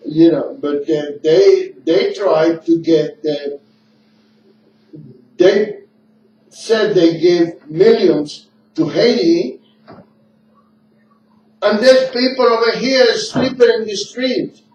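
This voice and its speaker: A man hosts a radio talk show in English, which is not his first language, rambling and repeating himself as he gives his opinions. His voice sits high with a darkish tone, and he speaks slowly with frequent pauses. A distant mic captures dull, lo-fi, echoey room sound.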